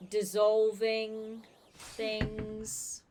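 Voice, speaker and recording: A woman's voice: medium pitch, monotone, extremely slow, darkish tone, slight background noise. A woman with a neutral British accent chatting casually with her stream while she plays, rambling with many fillers and laughing easily. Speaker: game streamer. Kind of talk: casual chat while gaming.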